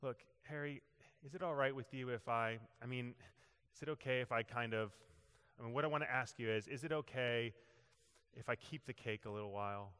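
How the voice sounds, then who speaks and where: A male preacher quoting a timid woman who speaks in a soft, halting, hesitant way. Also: medium pitch, natural voice. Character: timid, shaken woman asking softly. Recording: long reverb of a large hall.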